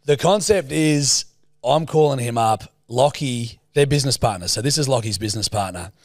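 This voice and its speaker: A man's voice: mid-range voice, normal speed, a little mellow, dry recording, studio quality. A man with an Australian accent co-hosting a podcast, joking around in casual chat. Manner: joking, laid-back, swears casually. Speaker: podcast co-host.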